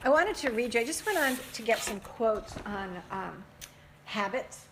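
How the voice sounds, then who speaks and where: A middle-aged woman teaching a group of parents in a lively, animated way, often acting out what parents say and laughing. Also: fairly high pitch, measured pace. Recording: echoey room, faint background noise.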